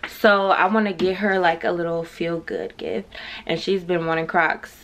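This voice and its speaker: A woman's voice: on the low side, steady tone, moderate pace, fairly bright tone, a little hiss or hum. A young woman vlogging casually to camera at home, chatty and blunt, swearing freely and talking in slang. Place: at home, just out of bed.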